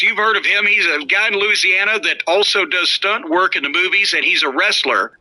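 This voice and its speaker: A man's voice: high voice, fairly quick, hardly any pauses, bright, forceful tone, low-quality recording. A middle-aged man hosting a podcast, telling wrestling stories in a blunt, profane, mocking way. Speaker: podcast host, former wrestling worker. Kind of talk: casual storytelling chat.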